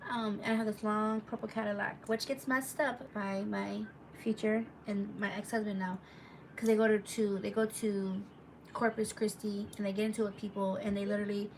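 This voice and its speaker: A woman's voice: medium pitch, flat delivery, moderate pace, a little mellow, distant mic, a little hiss or hum. A woman telling a story casually on a live stream, rambling and chatty with lots of asides to her viewers, reading their comments aloud as she goes.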